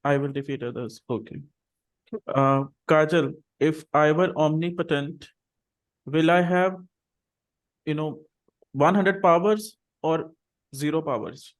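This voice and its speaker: Over a video call, a man with a slightly raised pitch patiently teaches English to a small online class. He pronounces words slowly and repeats them so his students can copy him.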